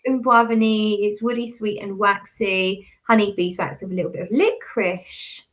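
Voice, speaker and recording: A woman's voice: mid-range voice, fairly even intonation, moderate pace, lo-fi sound, noisy background. A woman hosting a casual fragrance chat on a livestream, laughing often and reading out viewer comments. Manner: chatty and giggly, reads out viewer comments. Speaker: host of a fragrance review channel.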